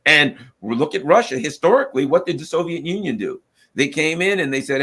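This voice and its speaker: A man's voice: a little high, animated, brisk, fairly bright tone, slightly rough. A man from the United States delivering an opinionated political commentary, arguing emphatically and acting out what nations might say. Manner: emphatic, argumentative, acts out quoted voices of nations.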